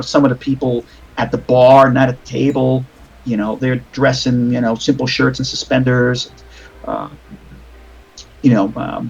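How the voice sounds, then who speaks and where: A man's voice: mid-range voice, creaky, slightly rough, dull audio. A man narrating as game master of a tabletop game over a voice call, rambling with many fillers and restarts.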